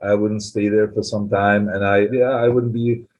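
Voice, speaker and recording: A man's voice: fairly low pitch, normal speed. Czech-accented man telling stories. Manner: animated storyteller, frequent "you know". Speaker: film writer-director guest. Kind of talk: anecdotal interview storytelling. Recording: dull lo-fi sound.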